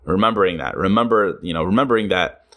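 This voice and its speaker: A man's voice: low-pitched, fast talker, pushed and bright. A young man hosting a solo podcast, talking candidly, swearing freely and laughing at himself. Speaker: podcast host. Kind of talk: casual solo podcast monologue.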